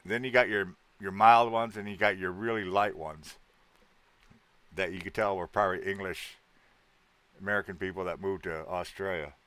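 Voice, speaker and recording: A man from Wisconsin hosting a relaxed livestream, rambling from one story to the next in a folksy, salty way. His voice sits fairly low, and the sound is dry and close. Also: moderate pace, no echo. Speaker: livestream host chatting with viewers. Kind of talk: casual livestream chat.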